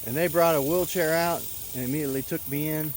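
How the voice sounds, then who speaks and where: A man in his thirties telling a personal story in a casual, halting way, with many fillers and restarts. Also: fairly high pitch, steady tone, a little hiss or hum. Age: 30s.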